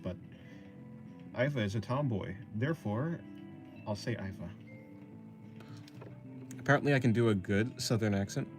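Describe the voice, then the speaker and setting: A young man streaming his drawing, chatting casually with his viewers in a rambling, hesitant way full of fillers and soft laughs. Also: on the low side. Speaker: art streamer. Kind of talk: casual chat answering a live chat.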